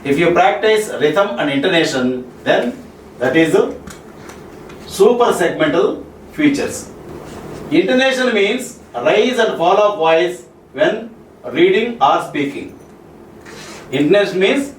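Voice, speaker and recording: A man with an Indian English accent giving a classroom lecture on spoken English, repeating each point and checking with "Okay?" and "Clear?". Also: on the high side, animated, takes it slowly, long pauses, slight background noise. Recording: roomy echo, mic far off, faint ambience.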